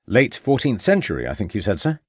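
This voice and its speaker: A man voicing a shrewd Victorian police inspector who questions people in a formal, measured way. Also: on the low side, huge pitch swings, breathy edge, no echo, studio quality, full character voice.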